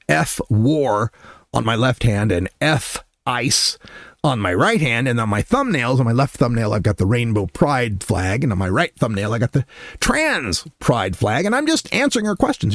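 A man in his fifties tells a personal story with a lively, swinging pitch. He is self-deprecating and laughs as he goes. The sound is dry and close. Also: vocal fry, dry recording. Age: 50s. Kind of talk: conversational storytelling.

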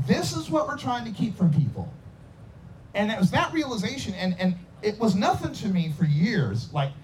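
A man's voice: high voice, very animated, normal speed, darkish tone, slight background noise. A man in his forties telling a rambling personal story in a casual way, acting out voices and sound effects as he goes. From Idaho.

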